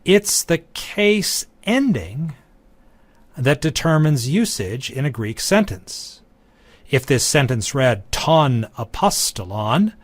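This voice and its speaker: A man giving a recorded lecture, teaching in a measured, deliberate way. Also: medium pitch, dry recording.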